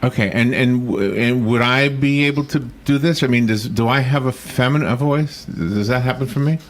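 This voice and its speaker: A man hosting a radio interview, halting and folksy, often correcting himself. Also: medium pitch, a little hiss or hum. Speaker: radio host.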